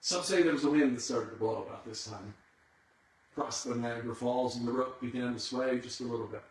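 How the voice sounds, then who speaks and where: A man's voice: mid-range voice, fairly quick. A man preaching a sermon as a dramatic storyteller who builds suspense. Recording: echoey hall, far from the mic.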